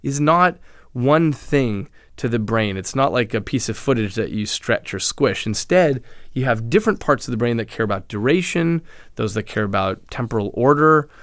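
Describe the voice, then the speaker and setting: A man speaks as an interview guest, laying out research step by step in a measured, patient way with small restarts. His voice sits at an ordinary pitch. The sound is dry and close, with no room echo. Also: animated, vocal fry, fairly bright tone. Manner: explanatory, measured, frequent restarts. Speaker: neuroscientist guest. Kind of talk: interview answers.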